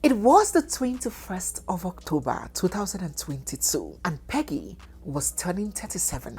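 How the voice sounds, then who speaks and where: A woman narrating a dramatic documentary story, animated and dropping into hushed, whispered asides. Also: lowish voice.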